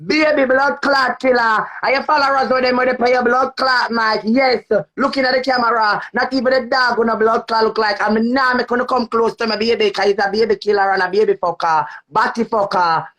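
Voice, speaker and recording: A woman's voice: fairly high pitch, steady tone, fairly quick, few pauses, fairly bright tone, poor audio. A woman with a Jamaican accent on a live stream, hurling insults and repeating herself for emphasis. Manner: insulting, cursing, emphatic repetition. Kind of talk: heated live-stream rant.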